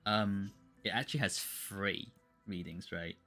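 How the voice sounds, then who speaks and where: Male artist, low and bright, chatty rambler, restarts a lot, faint music under. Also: a little slow. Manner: rambling storyteller with many fillers and restarts. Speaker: streaming artist. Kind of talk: casual chat while drawing.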